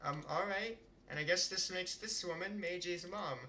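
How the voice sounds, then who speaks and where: A man's voice: sits high, normal speed, pushed and bright, a little hiss or hum. A male streamer reading a visual novel aloud and chatting about it in a rambling way, often laughing.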